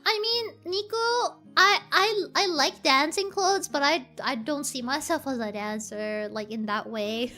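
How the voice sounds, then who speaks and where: A woman's voice: sits high, a little slow, bright, forceful tone. A young woman chatting casually with her livestream viewers, rambling with lots of fillers and giggles. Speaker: VTuber streamer. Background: faint background music.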